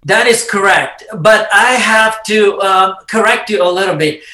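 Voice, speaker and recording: A man's voice: sits high, bright, forceful tone, reverberant. Fervent Romanian-accented older man. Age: around 60. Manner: fervent, preacher-like, deliberate. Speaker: immigration lawyer and podcast guest. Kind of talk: passionate conversational storytelling.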